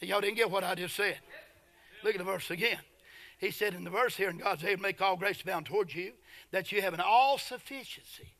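A middle-aged man preaches a fervent sermon. His voice sits high and rings sharp and bright. He swings between quiet, intimate storytelling and shouted praise. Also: fairly quick. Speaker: pastor.

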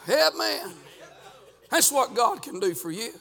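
A man preaching a sermon as pastor in a church, folksy and fervent, peppering his talk with "uh" and rising to shouts. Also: fairly high pitch, fairly even intonation, moderate pace, long reverb tail. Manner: folksy preaching with frequent "uh" fillers. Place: church sanctuary.

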